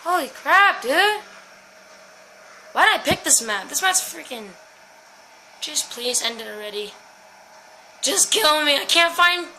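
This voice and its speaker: A woman's voice: high voice, lively intonation, measured pace, long pauses, sharp tone, a little hiss or hum, low-quality recording. A woman giving jumpy, swear-laden commentary while playing a horror game. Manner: jumpy, swearing, talks to herself. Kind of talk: let's-play commentary.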